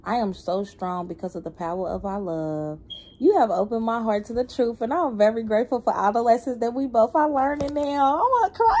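A woman giving a casual spiritual card reading, animated and slangy, humming and laughing between lines. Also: medium pitch, a little hiss or hum. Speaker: tarot reader.

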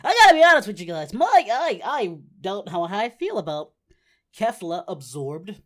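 A woman voicing a brash, excitable adult male martial artist hero, giving in-character reaction commentary and yelping at the screen. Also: medium pitch, moderate pace, close to an everyday voice. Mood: musing. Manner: excitable, yelps and shouts at the screen. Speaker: reaction video host.

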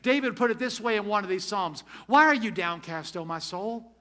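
Male pastor, high bright voice, emphatic sermon delivery in church. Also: animated, moderate pace. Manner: emphatic preaching, asks the congregation questions. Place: church sanctuary.

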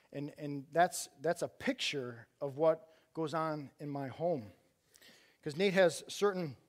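A middle-aged man preaching a conversational sermon in a church, arguing with rhetorical questions and often restarting his sentences. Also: a little high. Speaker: church outreach director preaching.

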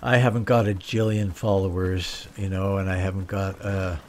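A man's voice: deep voice, level tone, moderate pace, darkish tone, slight background noise. A man casually commenting on his own gameplay, chatty and self-deprecating, talking to himself as he goes. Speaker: gameplay streamer. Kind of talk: casual let's-play commentary.

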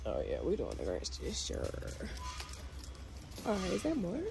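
An excitable woman vlogs as she walks through a big store. Her voice has a gravelly edge and swoops up and down a lot. Loud store noise runs behind her. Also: lowish voice, measured pace. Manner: excitable, swearing, gasping and squealing. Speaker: vlogger. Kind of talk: casual shopping vlog. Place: in a large store. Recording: noisy store ambience.

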